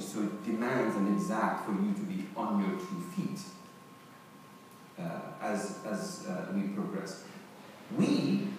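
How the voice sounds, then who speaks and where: A middle-aged man from Iran with a Persian accent, giving an emphatic academic conference talk, often pausing on "uh". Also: lowish voice, a little mellow. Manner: emphatic, hesitant with frequent uh fillers. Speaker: conference panelist. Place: large conference hall. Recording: echoey hall, distant mic, faint noise.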